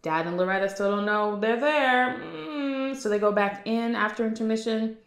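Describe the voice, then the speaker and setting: A woman retelling a film's plot in a loose, chatty way, breaking into quick impressions of each character. Her voice sits at an ordinary middle pitch. The room around her rings with a noticeable echo. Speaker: movie recap youtuber. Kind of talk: casual movie recap. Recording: roomy echo.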